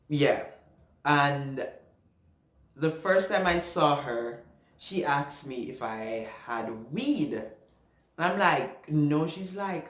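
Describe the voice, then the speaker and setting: Jamaican man telling a personal story. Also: medium pitch. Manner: earnest, animated, slips into patois when upset. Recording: echoey room.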